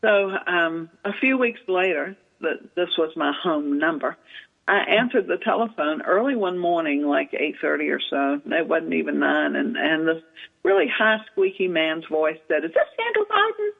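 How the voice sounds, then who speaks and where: A woman, telling an animated story as an author and literary agent guest in an interview, with many fillers. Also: low voice, moderate pace, creaky. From Southern United States. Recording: tinny phone-line radio sound.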